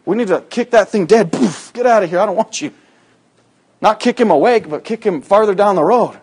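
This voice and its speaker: Preacher, man, high-pitched, conversational sermon with sudden loud acted-out lines. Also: a little fast, breathy edge.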